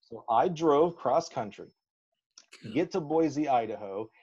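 A man from Alabama, a track and field coach, telling animated, folksy stories in a podcast interview and acting out the lines he quotes. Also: mid-range voice, slow, slightly rough. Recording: slightly dull lo-fi audio.

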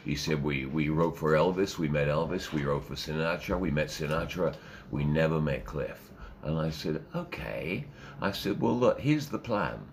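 An older man, a former radio presenter, telling anecdotes lively in an interview and acting out the quotes. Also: very deep voice, normal speed, a little hiss or hum. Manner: animated, acts out quotes and laughs. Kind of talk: anecdotal storytelling.

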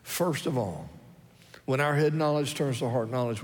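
A man's voice: medium pitch, moderate pace. A male pastor preaching a sermon earnestly and repeating his key phrases for emphasis. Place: church sanctuary. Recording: long reverb of a church hall.

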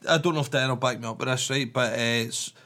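A man's voice: medium pitch, steady tone, fast, pushed and bright. A man with a Scottish accent teasing and joking, swearing as he trades jokes in casual banter.

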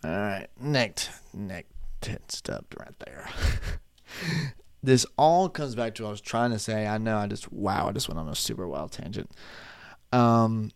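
A man's voice: lowish voice, animated, a little slow, no room sound, clean studio sound. A man in his twenties talking casually into a desk microphone at home, rambling off on tangents while sleepy and yawning. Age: 20s. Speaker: vlogger.

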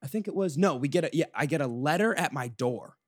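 A man's voice: a little high, lively intonation, fast talker, dry recording, studio quality. A young man hosting a podcast, telling a long story in a casual chat with lots of swearing and restarts. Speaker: podcast host.

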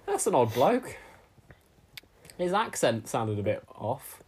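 A man's voice: mid-range voice, very animated, a little mellow, slight background noise. Rambling man co-hosting a comedy podcast. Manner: rambling, halting, with many fillers. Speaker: podcast co-host. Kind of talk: casual comedy podcast chat.

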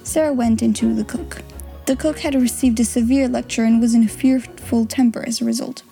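Woman reading a kids' novel out loud on her podcast, mellow highish voice, faint music under it. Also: fairly even intonation, brisk, gravelly. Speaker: audiobook podcast host and reader. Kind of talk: reading a children's novel aloud.

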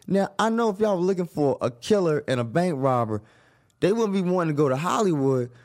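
A man from Virginia telling a long story as a podcast guest, with animated asides and jokes. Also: on the high side, a little fast. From Virginia, USA. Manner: animated, joking, lots of asides. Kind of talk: casual storytelling.

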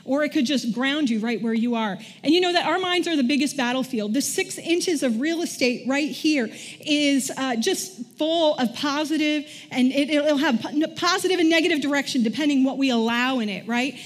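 A woman's voice: high-pitched, normal speed. A middle-aged woman preaching a sermon in a conversational way, often asking the congregation questions. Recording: long church hall reverb.

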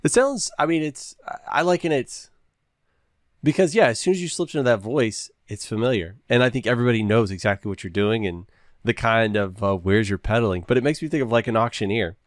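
A man hosting a casual interview, thinking aloud with halting phrasing. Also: medium pitch, animated, no room sound, studio quality. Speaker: interview host.

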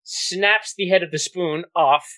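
A man's voice: high voice, measured pace, sharp tone, rough recording. A man telling a family story to his siblings in a casual chat, swearing freely and acting out the quotes.

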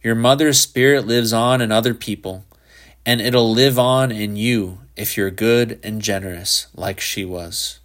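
A man's voice: lowish voice, steady tone, unhurried. A man reading an exasperated rationalist father. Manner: sharp, exasperated.

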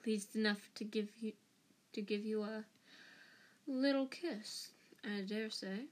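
A woman voicing a cold, spiteful male professor in a fan audiobook reading, with slow, soft, silky menace. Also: medium pitch, fairly even intonation, natural voice. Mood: menacing.

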